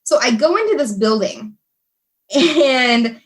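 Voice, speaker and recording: A young woman from the US tells a personal story as a podcast guest. Her voice sits a little high, and she talks in an animated way with frequent laughs, fillers and restarts. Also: takes it slowly. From USA. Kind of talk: casual storytelling.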